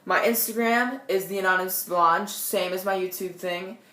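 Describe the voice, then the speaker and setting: A young woman vlogging on a tablet at home, telling a scary story in an animated way, with loud outbursts and quiet asides. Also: mid-range voice, moderate pace, echoey room. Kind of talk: casual storytelling vlog. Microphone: tablet built-in mic.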